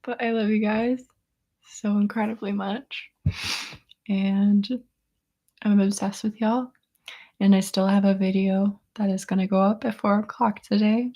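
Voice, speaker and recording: A young woman hosting a casual live chat, worn out after a seizure, speaking softly in half-whispers and laughing often. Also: mid-range voice, fairly even intonation, a little slow, pauses often, lo-fi sound.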